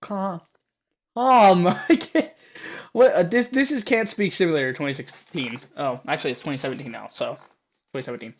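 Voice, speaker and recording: A man's voice: on the high side, fast, a little hiss or hum. Man narrating a visual novel, joking. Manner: self-mocking, stumbling over reading. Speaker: gaming YouTuber. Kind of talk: let's play narration and commentary.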